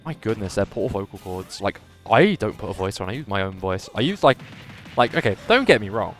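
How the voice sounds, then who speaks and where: Man, live game tournament commentator, energetic hype delivery, slightly strained voice, faint music underneath. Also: fairly low pitch, fairly quick. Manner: animated commentator voice, says his voice is going.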